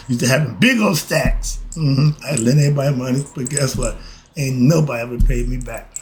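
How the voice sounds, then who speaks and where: A man's voice: on the high side, normal speed. Blunt New man preaching life lessons. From New York. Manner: preachy, blunt, street slang, chuckles often. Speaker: vlogger giving life lessons. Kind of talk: casual motivational monologue.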